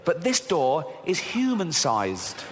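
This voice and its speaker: Animated stand-up comic in an echoey hall. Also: male voice, on the high side, takes it slowly. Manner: mocking, animated delivery with sweary asides. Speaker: stand-up comedian. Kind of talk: stand-up routine. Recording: stage mic in a reverberant venue, faint noise.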